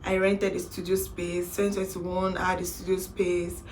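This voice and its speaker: A woman in her twenties with a Nigerian accent, telling her own story in a casual vlog, animated and slipping into Pidgin phrases. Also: lowish voice, normal speed, a little hiss or hum. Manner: animated, mixes in Pidgin, laughs to hold back tears. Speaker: makeup artist vlogger.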